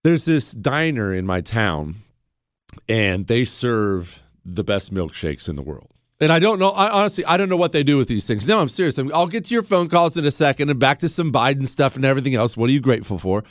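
A man hosting a radio talk show, talking casually and joking with quick asides while he is a bit under the weather. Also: mid-range voice, no room sound, studio quality. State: a bit sick, possible fever. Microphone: studio microphone.

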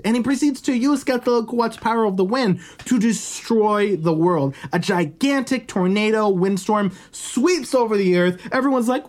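A man's voice: high voice, normal speed, few pauses. Chatty man retelling a myth. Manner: animated, chatty, frequent "right?" asides. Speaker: podcast storyteller. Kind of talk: casual storytelling.

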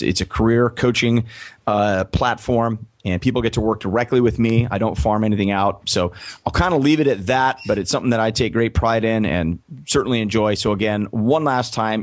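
A man speaking as a guest on a sports podcast, talking in a measured way and spelling out his website slowly. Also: on the low side. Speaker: guest, press box announcer and career coach. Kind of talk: podcast interview.

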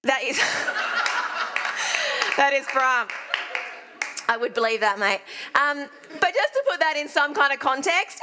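Chatty, high-voiced Australian woman preaching. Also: bright, forceful tone. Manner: chatty, self-deprecating storyteller. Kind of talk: sermon with personal stories.

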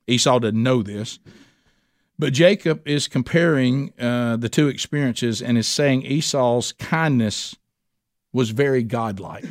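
A man's voice: mid-range voice, unhurried, dry recording, studio quality. A male pastor preaching a sermon in a folksy, conversational way, often asking the listeners questions.

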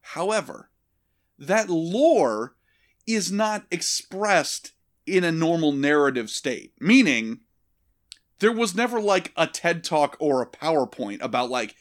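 Male podcast host, slightly high voice, animated and profane comic storyteller. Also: takes it slowly. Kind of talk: casual comedic chat.

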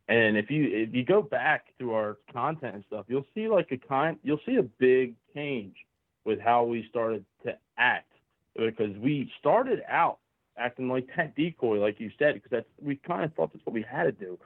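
A man's voice: mid-range voice, animated, normal speed, no echo. A man from Southeast Pennsylvania, a podcast guest, talking in an earnest, rambling way with restarts and lots of "you know". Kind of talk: casual chat. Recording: tinny phone-like call line.

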